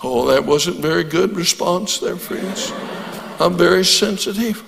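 High-voiced older man preaching in a reverberant hall. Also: unhurried, creaky, background noise. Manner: storytelling, rises to fervent prayer. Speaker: guest preacher. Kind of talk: sermon. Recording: long reverb of a large hall.

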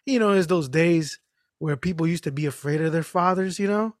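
A middle-aged man spinning a loose, profane story in a relaxed podcast chat, slipping into the voices of the people he quotes. His voice sits a little higher than most men's. The sound is dry and close, with no room in it. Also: a little fast, no room sound. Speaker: podcast co-host.

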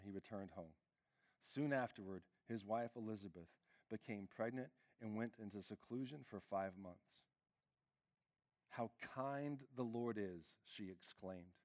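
A man's voice: on the low side, a little mellow. A man preaching a conversational sermon as lead pastor, casual and earnest, peppering his talk with fillers.

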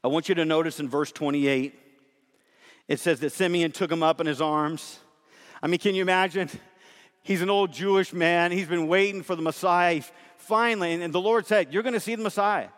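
A man preaching a sermon as a pastor, emphatic and conversational, animated in his delivery. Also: high-pitched, fairly quick. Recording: long hall reverb.

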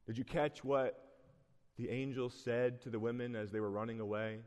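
A man's voice: fairly low pitch, steady tone, moderate pace, darkish tone. A man preaching a sermon in a church, conversational and earnest, with sudden rising bursts of emphasis. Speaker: pastor. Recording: long hall reverb.

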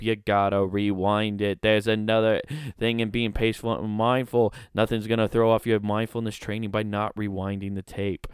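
A man putting on a cheesy infomercial pitchman, hard-selling and over the top. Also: clear, resonant tone, no room sound, clean studio sound, close to an everyday voice.

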